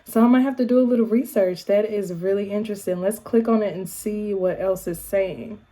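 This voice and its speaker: A woman with an African American English accent, chatting casually to her viewers in a vlog, animated and full of quick asides and shout-outs. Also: mid-range voice. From United States. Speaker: YouTube vlogger.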